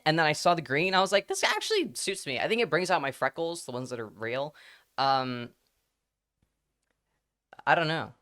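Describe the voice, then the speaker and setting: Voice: mid-range voice, fairly bright tone. A livestreamer chatting casually with viewers, joking, swearing freely and slipping between accents. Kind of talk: casual live-stream chat.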